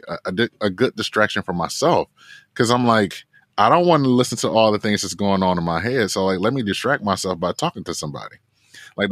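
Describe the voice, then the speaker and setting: A man telling a story as an interview guest, animated and full of "like" fillers. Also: lowish voice, no echo, clean studio sound. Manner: animated, filler-heavy with frequent "like". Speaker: guest, marathon runner and coach.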